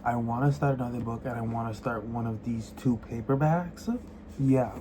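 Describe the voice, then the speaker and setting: A man's voice: medium pitch, moderate pace, noisy background. A man chatting casually in a reading vlog, emphatic and repetitive, often laughing and sometimes dropping to a whisper. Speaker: book vlogger.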